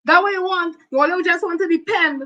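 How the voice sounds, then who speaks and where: Older Trinidadian woman, husky high voice, outspoken commentary, dull lo-fi sound. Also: a little fast, sharp tone. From Trinidad and Tobago. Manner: outspoken, heated, blunt. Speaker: host. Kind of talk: political commentary.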